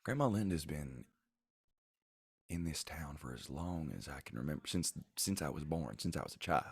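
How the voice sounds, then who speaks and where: A man with a very low, gravelly voice narrates a tabletop game as game master, loose and casual. The sound is dry and close. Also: moderate pace, dry recording. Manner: relaxed, casual, with fillers.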